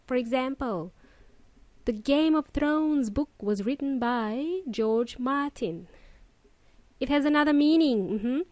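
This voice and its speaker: A woman's voice: high voice, no room sound. A woman hosting a casual lesson podcast, playful and upbeat, joking between explanations. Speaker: English teacher and podcast host.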